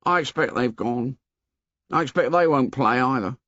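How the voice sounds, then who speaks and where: A man voicing an anxious, fussy schoolboy who talks in rough grammar and is eager to please. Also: medium pitch, lively intonation, normal speed, fairly bright tone, dry recording, voice pushed up. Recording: dull, dry studio audio.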